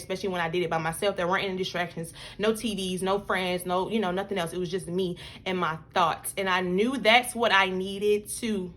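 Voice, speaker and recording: A woman's voice: mid-range voice, a bit bright. A young adult woman telling a personal story to her viewers in a loose, chatty way, full of "like" and "y'all". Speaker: vlogger. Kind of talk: casual storytelling.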